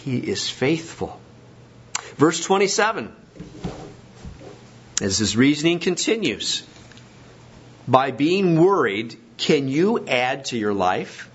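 A man's voice: a little high, big pitch swings, slow, long pauses, slightly rough. A man preaching a sermon as pastor, emphatic and rising to stress his points. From Washington state. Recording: dull lo-fi recording.

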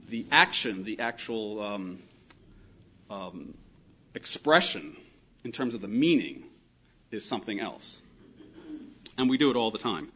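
A man's voice: medium pitch, fairly bright tone, breathy edge, highs cut off. A man giving a thoughtful, explanatory Bible lesson, stressing key points with emphasis. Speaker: Bible teacher. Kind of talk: lecture on scripture.

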